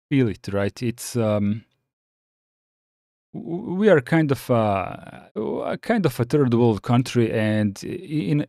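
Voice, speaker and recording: Hosting a casual live chat, a man from the Balkans reads viewer comments aloud and answers them with many restarts and fillers. His voice is medium-pitched with a dark tone, recorded dry at studio quality.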